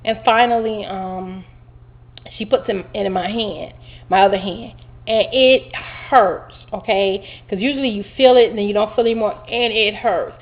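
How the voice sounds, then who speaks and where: Woman vlogger, mid-pitched, animated and rambling, muffled home recording. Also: normal speed. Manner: chatty, animated retelling with many fillers. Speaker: vlogger recounting her surgery. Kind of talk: casual storytelling to camera. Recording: dull lo-fi home video audio.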